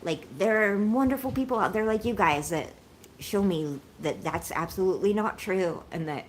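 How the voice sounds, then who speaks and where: A woman's voice: medium pitch, normal speed, slight background noise. A woman in her forties chatting casually with viewers on a livestream, shaky and unwell, talking in an emotional, rambling way and thanking them often. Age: 40s.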